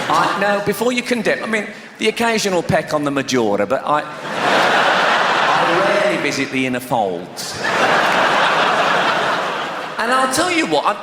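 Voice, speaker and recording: Live stand-up: male comic, a little high-pitched, lively and chatty, recorded in an echoey hall with loud crowd ambience. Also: heavy background noise. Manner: chatty, animated, laughing at his own stories. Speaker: stand-up comedian. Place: large theatre with a live audience.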